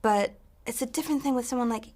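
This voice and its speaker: A woman with a New Zealand accent, an actress chatting in an interview, softly and often dropping to a near-whisper. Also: a little high, quick pace. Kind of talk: casual interview chat.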